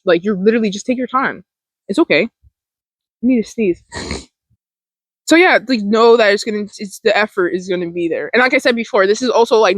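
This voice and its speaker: A woman's voice: mid-range voice, a bit bright, no room sound, low-quality recording. A woman hosting a mindfulness talk, speaking in a loose, rambling way with lots of "like" and the odd swear word. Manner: rambling, full of "like" fillers and casual swearing. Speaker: mindfulness podcast host. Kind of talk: casual motivational talk.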